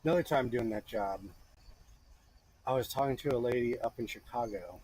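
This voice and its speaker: A man in his thirties telling a lively story to a friend in a workshop, acting out the voices of the people in it. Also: medium pitch, moderate pace, a little hiss or hum, rough recording. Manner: animated, acts out voices in his stories. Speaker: blacksmith teaching a friend. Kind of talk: casual storytelling. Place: forge workshop.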